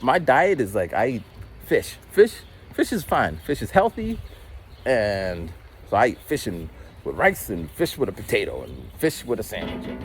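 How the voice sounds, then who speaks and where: A man's voice: on the low side, huge pitch swings, measured pace, soft background music. A man in his forties casually telling a story while walking outdoors, rambling and stammering through frequent restarts. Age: 40s. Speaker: vlogger.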